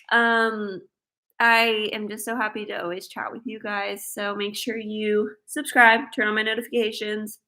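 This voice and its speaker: A pregnant woman with a slightly high voice hosts a casual livestream Q&A. She is chatty and quick to giggle. She reads viewer questions aloud and answers them warmly off the cuff. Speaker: host.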